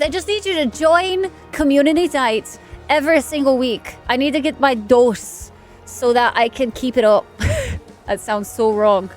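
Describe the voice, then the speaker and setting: A woman streaming a video game, chatting casually and bubbly with her viewers as she plays. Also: fairly high pitch. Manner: chatty, bubbly, chats with viewers while playing. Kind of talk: casual let's-play commentary.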